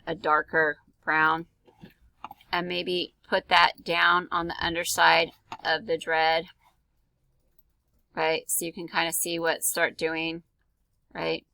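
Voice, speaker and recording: A woman's voice: deep voice, monotone, slow pace, creaky, long pauses, bright, forceful tone, dry recording, poor audio. A woman art teacher talking through a drawing tutorial in a casual, chatty way, with many ums and likes. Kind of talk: screen-recorded drawing tutorial.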